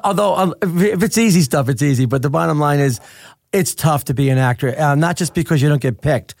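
A man's voice: a little high, a little fast, vocal fry, a little mellow, no echo. A man hosting an interview, chatty and self-deprecating. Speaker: host. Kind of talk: casual interview talk.

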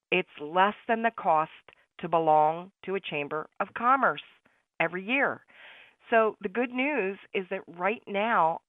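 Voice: mid-range voice, no echo. Upbeat salesy radio host on a tinny line. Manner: upbeat, salesy, chatty with self-corrections. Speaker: radio host promoting a barter network. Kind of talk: promotional radio talk. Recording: tinny phone-like radio sound, dry.

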